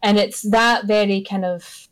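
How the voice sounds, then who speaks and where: A woman's voice: medium pitch, fairly even intonation, a little slow, low-quality recording. Exasperated, sweary woman telling a story. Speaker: podcast co-host. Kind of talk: casual chat.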